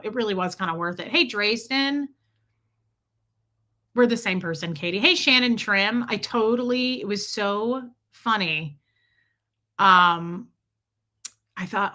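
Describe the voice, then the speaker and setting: A woman talks casually on a live stream, telling a personal story in a candid, rambling way. She keeps breaking off to greet viewers by name. Her voice is bright and forceful, sitting in a middle pitch. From lives in Tennessee. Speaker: live-stream host reading viewer chat.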